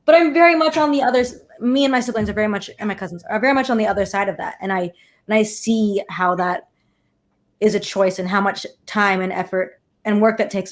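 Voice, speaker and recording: Young woman, earnest reflective chat, slightly teary. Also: medium pitch. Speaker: guest. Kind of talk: casual chat.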